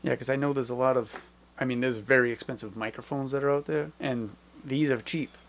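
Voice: mid-range voice, steady tone, a little fast, a little hiss or hum. Chatty, curious podcast host. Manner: curious, chatty, laughs easily. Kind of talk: casual interview chat.

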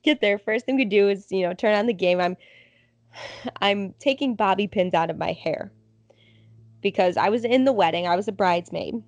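A young woman co-hosts a casual sports chat, telling stories with animated energy and acting out what people said. Her voice sits at a middle pitch, and the recording is dry with no room sound. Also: moderate pace, no room sound, lo-fi sound. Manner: animated storyteller, acts out quotes. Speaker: podcast co-host.

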